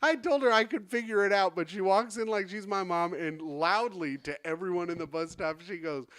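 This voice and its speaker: A man's voice: high voice, moderate pace, hardly any pauses, a bit bright, no echo, clean studio sound. A man co-hosting a comedy podcast, telling a long, rambling story and acting out the other people in it. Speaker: podcast co-host. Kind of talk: casual comedy podcast chat.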